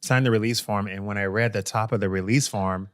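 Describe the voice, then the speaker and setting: A man's voice: on the low side, brisk, no room sound, clean studio sound. A man telling a story as a guest on a casual chat show, swearing freely and acting out every beat. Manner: profane, animated storyteller.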